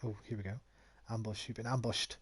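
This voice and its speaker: A man's voice: lowish voice, flat delivery, a little fast, slightly rough. A man with a West Midlands accent giving casual, rambling commentary while streaming a game, swearing freely. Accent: West Midlands English.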